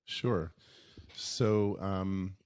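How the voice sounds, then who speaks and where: A soft-spoken man being interviewed as a guest, answering in a halting way with many pauses and fillers. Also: low-pitched, clean tone, no room sound, clean studio sound. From Long Island, New York. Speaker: oral surgeon, interview guest.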